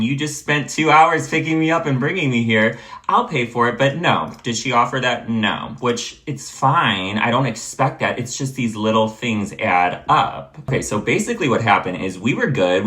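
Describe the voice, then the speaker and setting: A man's voice: on the low side, a bit bright. A young man telling a storytime vlog rant, exasperated and blunt, swearing freely as he vents. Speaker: vlogger.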